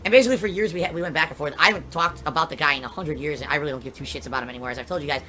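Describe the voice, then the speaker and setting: A man's voice: on the high side, very fast, hardly any pauses, pushed and bright. A man live streaming, reading viewer tips aloud and answering them in a defensive, dismissive way, heard as a clip played back.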